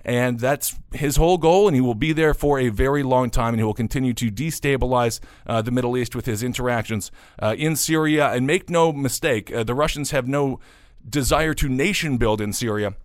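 A man's voice: mid-range voice, brisk, no room sound, studio quality. A man hosting a solo political commentary show, opinionated and sarcastic, with frequent "uh" fillers. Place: New York.

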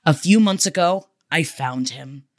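A woman's voice: sits low, measured pace, dry recording, clean studio sound. A woman podcast host reading listener messages aloud, emotional and affectionate, swearing freely. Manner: effusive and affectionate.

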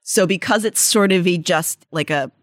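A young woman co-hosting a podcast in a chatty way, with a Pittsburgh accent and a fairly low voice. She slips between loose banter and read-out facts, full of "like" and restarts. The recording is dry and close. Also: moderate pace, no room sound. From Pittsburgh area, United States. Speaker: podcast co-host. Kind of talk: casual chat mixed with read-out facts.

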